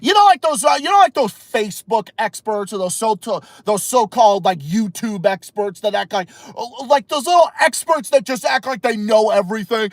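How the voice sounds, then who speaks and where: A man hosting a podcast, giving a heated, profane, rambling rant from inside his car in the dark. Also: high-pitched, sing-song, brisk, hardly any pauses, dry recording. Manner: heated, swearing, rambling with restarts. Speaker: podcast host. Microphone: phone livestream.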